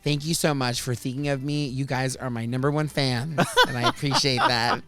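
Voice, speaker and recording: A man hosting a podcast, telling stories from his life in a chatty, animated way. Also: mid-range voice, moderate pace, soft background music. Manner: chatty, animated, restarts and laughs often. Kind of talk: casual storytelling chat.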